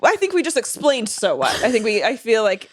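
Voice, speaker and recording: A woman's voice: on the high side, sing-song, a little fast, husky, dry recording, clean studio sound. A young woman co-hosting a podcast in casual chat, sarcastic and teasing. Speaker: podcast co-host.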